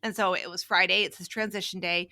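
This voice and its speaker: A woman's voice: fairly low pitch, fast talker. A middle-aged woman co-hosting a parenting podcast, telling family stories in casual chat and acting out her kids' lines. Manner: animated storyteller, acts out her kids' lines. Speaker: podcast co-host.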